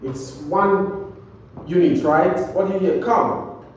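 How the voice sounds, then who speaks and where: Male classroom teacher, fairly high voice, drills words, far from the mic with faint noise. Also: slow, darkish tone, heavy reverb. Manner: repetitive, checks understanding with "right?". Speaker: English teacher. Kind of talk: classroom lesson.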